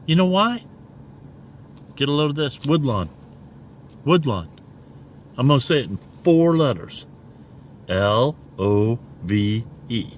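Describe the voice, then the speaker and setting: A man records himself preaching in a loose, rambling way, stopping after nearly every point to ask "okay?". He talks slowly and now and then spells words out one letter at a time. Faint vehicle noise hums behind him. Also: on the high side, big pitch swings. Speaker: self-made online preacher. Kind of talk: casual video review and preaching.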